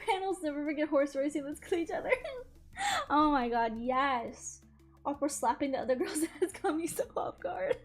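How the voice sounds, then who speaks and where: A woman streamer chatting casually while she draws, gushing like an excited fan, laughing often and swearing freely. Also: sits high. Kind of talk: casual chat while drawing.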